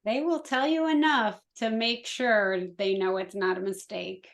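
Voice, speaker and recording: A woman hosts an interview and speaks to her guest in a gentle, reassuring way. She talks at an unhurried, slow pace. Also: medium pitch, fairly even intonation, vocal fry. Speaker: host.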